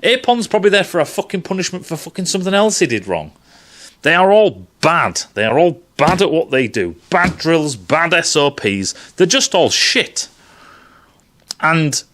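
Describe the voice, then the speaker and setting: A man's voice: fairly high pitch, a bit bright. A man giving a casual, profane, rambling film analysis. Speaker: film commentator.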